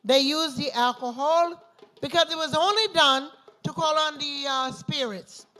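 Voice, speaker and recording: High, bright woman chanting invocations. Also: a little slow, soft background music. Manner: chanting, repeating refrains. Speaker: libation ceremony leader. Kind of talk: ritual invocation with call-and-response. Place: gathering at an institution.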